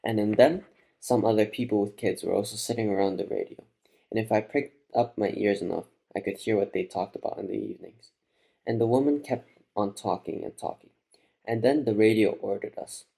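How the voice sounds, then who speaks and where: Low, dark-voiced male audiobook narrator. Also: gravelly. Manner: measured, reflective first-person telling.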